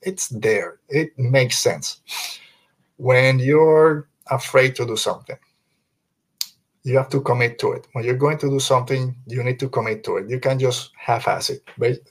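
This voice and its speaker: A man's voice: mid-range voice, normal speed. A man hosting a casual fan podcast, talking earnestly and emphatically, hammering his points home by repeating them, with a loose conversational style. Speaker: podcast host.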